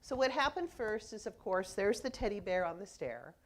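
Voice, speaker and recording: A woman's voice: medium pitch, big pitch swings, normal speed. Woman minister giving a sermon. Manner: conversational storytelling, acting out reactions.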